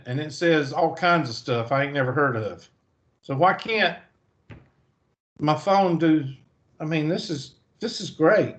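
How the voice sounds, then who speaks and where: This online math class is led by a man with a Southern US accent who talks chattily and thinks aloud. His voice is on the high side and expressive, and he takes it slowly, all heard through muffled video call sound.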